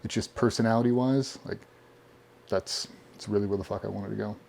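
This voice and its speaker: A man with a fairly low voice tells war stories in a relaxed interview, swearing freely. His delivery is animated and conversational, his words tumbling out as he leans into each story. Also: a little fast, vocal fry, slight background noise. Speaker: podcast guest.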